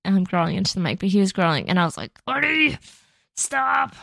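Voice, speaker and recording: A woman's voice: on the low side, expressive, very fast, vocal fry, dry recording. A young woman co-hosting a podcast, chatting casually, rambling and laughing often. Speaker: podcast co-host. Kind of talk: casual chat.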